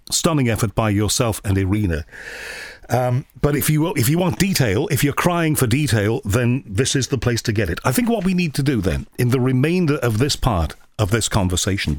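Male talk-show host, mid-pitched, dry close sound, rambling lead-ins to his questions. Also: dry recording. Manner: long, winding questions. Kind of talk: interview conversation.

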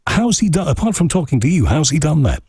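A man's voice: fairly high pitch, sing-song, quick pace, dark tone, slightly rough, no echo, clean studio sound. A man hosting an interview, asking probing and skeptical questions, often at length. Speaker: interview host. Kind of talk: conversational interview.

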